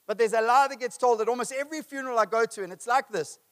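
High-voiced impassioned male preacher. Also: quick pace, hardly any pauses. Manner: passionate, rising to emphatic peaks then dropping low. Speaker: pastor. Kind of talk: sermon.

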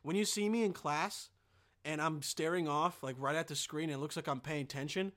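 Casting note: young male podcast host, high and bright-toned, swearing constantly, quick to flare into loud rants. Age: young adult. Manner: profane, excitable, rants with sudden loud bursts. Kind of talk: casual rambling monologue.

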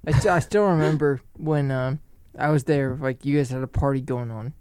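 A man's voice: medium pitch, normal speed, darkish tone, clear, resonant tone, dry recording. A man chatting casually and chiming in with short remarks. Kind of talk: casual chat.

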